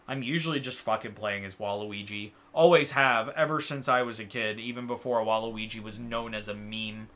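A man co-hosting a gaming channel, chatting casually while playing, rambling with lots of uh and like fillers, excitable and quick to swear. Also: on the low side.

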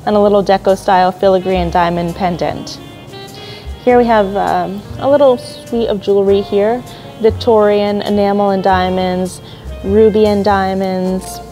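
A woman's voice: medium pitch, fairly even intonation, normal speed, dark tone, low-quality recording. A woman presenting jewelry and watches in an auction preview, describing each piece with admiring remarks and small apologies, over faint music. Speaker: auction house jewelry specialist.

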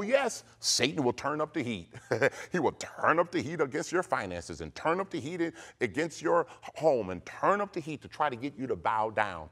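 Brief: American man, TV pastor, rhythmic repeated preaching, mid-pitched voice. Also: fairly bright tone. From United States. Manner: emphatic, rhythmic preaching with repetition. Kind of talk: televised sermon.

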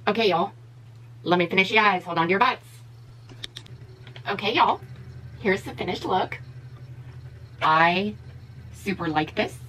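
A woman's voice: mid-range voice, unhurried, pauses often, pushed and bright, slight background noise, low-quality recording. A woman beauty vlogger giving blunt, opinionated commentary in a casual chat while she does her makeup.

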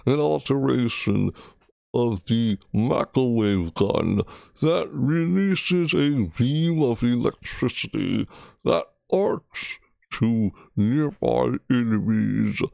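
A man reading aloud slowly as a menacing male demon, in a drawn-out, deliberate way. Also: mid-range voice, vocal fry, mellow, no room sound. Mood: ominous.

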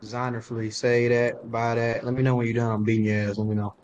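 A man's voice: medium pitch, flat delivery, darkish tone, dull audio, a little hiss or hum. A man in a game role-play, talking boastfully about money and clothes. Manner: fast boastful street talk, shows off outfits. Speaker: fellow role-play player.

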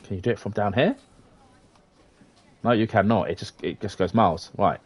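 A British man giving chatty let's-play commentary, muttering at the game with sing-song hums and sudden high exclamations. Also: moderate pace, long pauses, slight background noise. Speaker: gamer playing for his sons.

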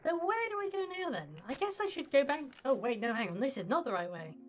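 A woman's voice: high voice, animated, quick pace, music in the background. A woman hosting a gaming video, chatting casually and giggly as she plays. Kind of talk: casual game commentary.

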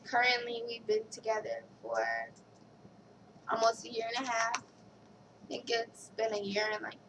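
A young woman telling a candid, halting story about her relationship and reading a card aloud. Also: a little high, very animated, far from the mic, background noise. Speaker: vlogger. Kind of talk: casual personal storytelling.

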